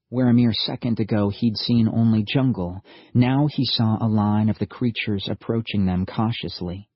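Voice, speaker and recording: Male narrator, low husky voice, steady measured delivery, dull dry recording. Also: dry recording. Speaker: audiobook narrator. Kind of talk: scripted narration.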